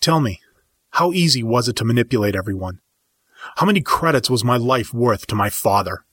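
A man's voice: mid-range voice, expressive, a little fast, slightly rough, no echo, studio quality. A man voicing a furious young male feline fighter who roars and hurls accusations. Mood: enraged. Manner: roaring, accusing, near-shouting.

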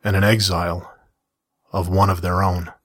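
Husky low-voiced man reading his story. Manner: measured, steady reading with a candid aside. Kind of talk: first-person story reading.

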